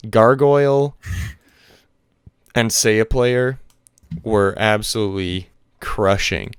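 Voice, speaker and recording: A man co-hosting a casual esports podcast, chatting quickly through teams and players. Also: fairly low pitch, clear, resonant tone, no room sound, studio quality. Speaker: podcast co-host.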